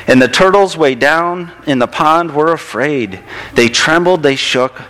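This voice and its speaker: A male pastor giving a sermon in a relaxed, self-deprecating, conversational way, at times reading a story aloud. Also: a little high, unhurried, rough recording.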